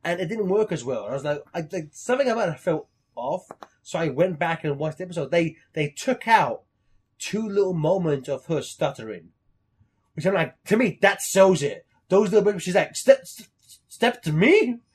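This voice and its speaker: A young man co-hosting a casual podcast chat, animated and swearing freely, often acting out lines he quotes. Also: fairly high pitch, moderate pace, breathy edge. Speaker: podcast co-host.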